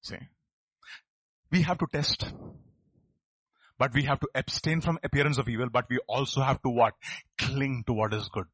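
A man's voice: mid-range voice, moderate pace, long pauses, fairly bright tone, husky, no room sound. A man preaching a sermon, asking his listeners rhetorical questions. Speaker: pastor.

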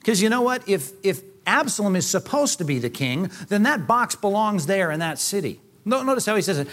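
A male pastor delivers a sermon in a lively, conversational way, often slipping into voices from the scripture passage. His voice sits fairly high and rises and falls widely. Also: a little fast, few pauses. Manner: animated, acts out scripture voices, conversational asides.

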